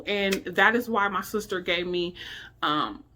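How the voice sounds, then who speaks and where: A middle-aged woman at home, talking candidly to her viewers in a rambling, emotional way, sounding weary and low. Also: measured pace, bright, forceful tone. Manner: emotional, heartfelt, rambling with many fillers. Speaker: vlogger. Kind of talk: candid personal vlog talk. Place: indoors at home.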